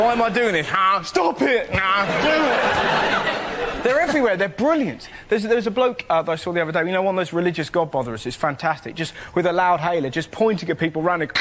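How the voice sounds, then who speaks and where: Cheeky comedian over roaring laughter. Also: male voice, high voice. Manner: cheeky, animated storytelling with sudden yelps. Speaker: comedian panelist. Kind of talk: stand-up routine on a panel show. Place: TV studio with live audience. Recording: loud studio audience laughter and noise.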